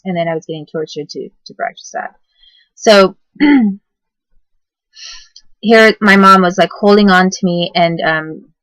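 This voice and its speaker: A tired woman telling her own story in a halting way, with many fillers and restarts. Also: fairly low pitch, no room sound, highs cut off. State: tired, yawning. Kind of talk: personal testimony to camera.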